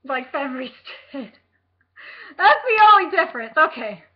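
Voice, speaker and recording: Excitable young woman gushing over a book. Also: high voice, a little slow, muffled recording. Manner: gushing, excitable, swears freely, many fillers. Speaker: book vlogger. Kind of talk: casual book discussion.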